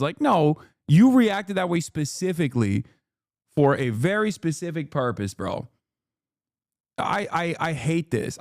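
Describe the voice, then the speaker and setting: A man's voice: fairly high pitch, darkish tone, dry recording. Man ranting, cursing, on a dry mic. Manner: heated, profane ranting; indignant rhetorical questions. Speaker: streamer reacting to videos. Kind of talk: casual live-stream commentary.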